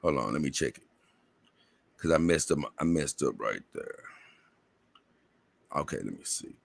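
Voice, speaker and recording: A man's voice: a bass voice, very animated, unhurried, vocal fry. A man with a Southern US accent hosting a casual livestream, reading viewer comments in a rambling way, repeating words and laughing often. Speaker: livestream host.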